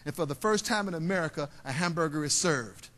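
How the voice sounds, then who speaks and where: A man's voice: fairly high pitch, brisk. A man giving a motivational keynote in a large hall. He tells stories and leads the audience in call and response. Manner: storytelling, drops quiet and soft for emotional parts. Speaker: keynote speaker. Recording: long hall reverb, live stage.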